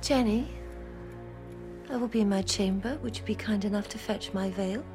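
A woman's voice: mid-range voice, normal speed, over music, lightly acted. A woman plays a dignified reptile lady in a TV drama, poised and arch, with a dry wit in every line. Film score plays strongly underneath her. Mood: arch, composed. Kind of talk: TV drama acting.

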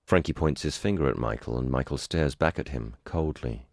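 A man reading an audio description in an even, neutral, scripted way. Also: a bass voice, moderate pace, creaky, no room sound, clean studio sound.

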